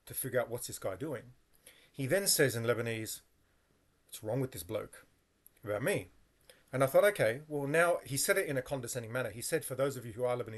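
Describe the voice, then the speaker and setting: A man telling a personal story in a casual vlog monologue, meandering and correcting himself as he goes. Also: medium pitch. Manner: meandering, with frequent fillers and self-corrections. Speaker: vlogger.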